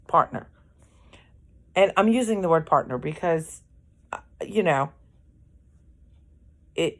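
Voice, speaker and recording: A middle-aged woman talking candidly in a casual personal monologue, speaking to viewers about relationships. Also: on the low side. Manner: candid, conversational, acts out quoted dialogue. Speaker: host.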